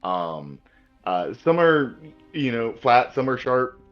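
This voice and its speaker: A man's voice: medium pitch, very animated, slow pace. A man narrating a tabletop game as game master, rambling with many fillers and restarts. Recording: dull lo-fi sound with faint music.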